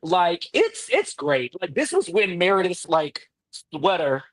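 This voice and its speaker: A man hosting a casual reality TV recap podcast, telling the story in an animated way and laughing often. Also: high-pitched, takes it slowly, no echo. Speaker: podcast host.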